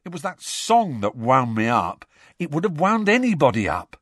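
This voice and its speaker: A man's voice: fairly high pitch, big pitch swings, normal speed, a bit bright, no echo, studio quality, voice pushed up. A man voicing a short-tempered, bitter teenage boy wizard in a storybook reading. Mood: angry.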